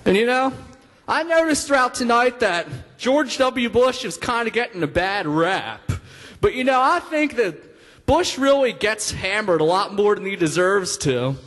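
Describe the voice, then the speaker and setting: A man's voice: high voice, very animated, a little slow, a bit bright. A young man doing a stand-up comedy set on a stage, rambling through his jokes with many fillers and laughing at his own lines. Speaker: stand-up comic. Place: stage in a hall. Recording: long hall reverb.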